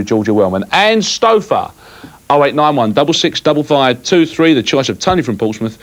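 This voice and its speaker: A man's voice: fairly high pitch, big pitch swings, a little fast. A man presenting a live cable TV phone-in, full of jokey banter and mock bluster.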